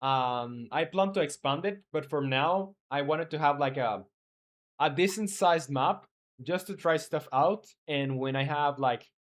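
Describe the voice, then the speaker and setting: A man's voice: fairly high pitch, unhurried. A man talking casually while streaming game development, reading chat aloud and rambling with many fillers.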